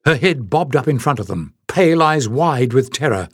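A man reading a fantasy novel aloud in a measured, expressive audiobook narration. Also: mid-range voice, breathy edge, dry recording, clean studio sound.

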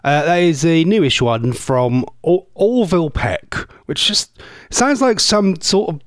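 A man's voice: a little high, animated, a little slow, no echo, clean studio sound. A man presenting a radio show, chatting casually and teasing listeners in a rambling way. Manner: chatty, teasing, rambling with mock-posh asides. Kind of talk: casual chat with listener messages.

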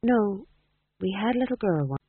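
A man voicing a gentle, perceptive actor's wife who speaks quietly and with measured firmness. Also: high-pitched, lively intonation, slightly rough, voice pushed up. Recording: tinny phone-like dry recording.

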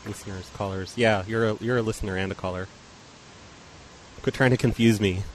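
A man's voice: fairly low pitch, fairly even intonation, brisk, a little hiss or hum, low-quality recording. A man hosting a casual call-in show, joking with callers and laughing often. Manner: easygoing, teasing, laughs often. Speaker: show host.

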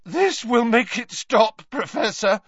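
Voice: medium pitch, big pitch swings, slow, fairly bright tone, dry recording, voice pushed up, heavily acted. A reader plays a scared teenage boy, his raised voice urgent and shaking as he coaxes and reassures. The lines rise and fall with strain. It comes through as a dry, somewhat dull storybook recording. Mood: desperate. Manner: urgent, pleading, shaky. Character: teenage boy wizard, desperate and frightened. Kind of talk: audiobook character voice.

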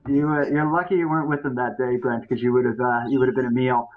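A man's voice: medium pitch, steady tone, fast talker. Male podcast guest, rambling storyteller with fillers, tinny phone-like audio. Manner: rambling, many fillers and restarts. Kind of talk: casual storytelling.

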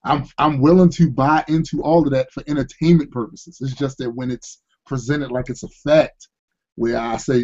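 A man's voice: medium pitch, fairly even intonation, moderate pace, a little mellow, lo-fi sound. A man appearing as a guest on a casual live web chat, laid-back, laughing often and swearing. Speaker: rapper guest.

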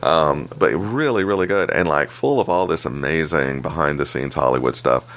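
Very deep gravelly-voiced man. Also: normal speed. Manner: profane, animated storytelling. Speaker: podcast co-host. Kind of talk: casual chat.

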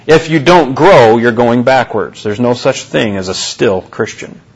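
A man's voice: mid-range voice, a little slow, slightly rough, low-quality recording. A man preaching a sermon to his congregation, in an earnest manner, often repeating and restarting his phrases and asking questions. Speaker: pastor. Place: church.

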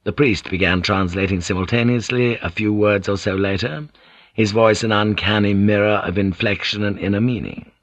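A man narrates a historical novel in a low, measured voice. The sound is dry and a little dull, close to the mic with no room around it. He tells the story steadily and shifts his tone when characters speak. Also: no room sound. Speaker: audiobook narrator.

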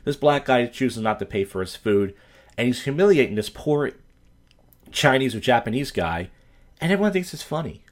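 A man's voice: medium pitch, expressive, moderate pace. A man from Philadelphia hosting a podcast, telling stories and giving blunt, profane commentary. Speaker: podcast host. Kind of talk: crude ranting commentary.

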